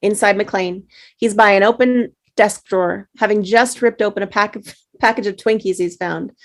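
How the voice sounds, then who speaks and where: A woman reading the stage directions at a table read in a plain, even manner. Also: mid-range voice, moderate pace.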